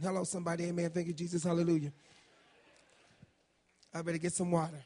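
A man with a raspy voice preaching a folksy, emphatic sermon in a church, reading scripture and praying aloud. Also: high-pitched, fairly even intonation, fairly quick. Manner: folksy, emphatic, builds to shouting in prayer. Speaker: guest preacher.

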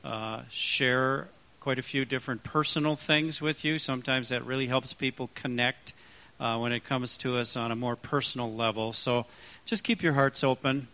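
A man, a pastor, preaching a sermon in an animated way, acting out the voices he quotes. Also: mid-range voice, normal speed. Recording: dull lo-fi sound.

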